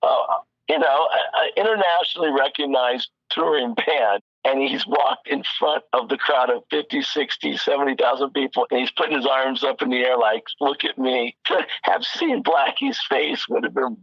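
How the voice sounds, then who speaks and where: This is a man at mid pitch, spinning a long, loose story as a guest, doubling back on himself and cursing freely as he goes. His voice comes through a dull, muffled, lo-fi connection. The sound is dry with no room around it. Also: moderate pace, vocal fry, no echo. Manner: rambling, animated anecdote-telling with frequent restarts and profanity. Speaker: recording engineer and producer, guest. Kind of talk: casual storytelling interview.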